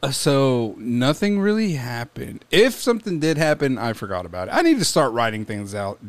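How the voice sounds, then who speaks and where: A man's voice: medium pitch, big pitch swings, normal speed, no room sound. A man co-hosting a podcast, dry and teasing, with some swearing. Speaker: podcast co-host. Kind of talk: casual podcast chat.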